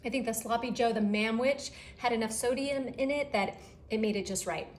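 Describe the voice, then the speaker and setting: A woman's voice: a little high, moderate pace, slight background noise. A woman hosting a casual cooking demonstration in her home kitchen, chatty and enthusiastic as she talks to her partner off camera. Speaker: cooking show host.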